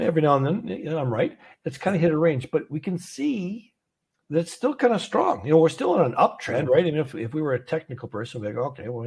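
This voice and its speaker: A man's voice: medium pitch, a little mellow, slightly rough. A man hosting a live trading stream from an office, chatty and rambling with many fillers and easy laughs. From Canada. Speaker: host of a live trading show. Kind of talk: casual livestream chat.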